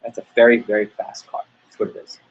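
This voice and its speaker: A man's voice: on the low side, level tone, fast, husky, lo-fi sound. A man leading a sales team training talk, upbeat and motivational, acting out little dialogues as he goes. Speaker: sales office manager.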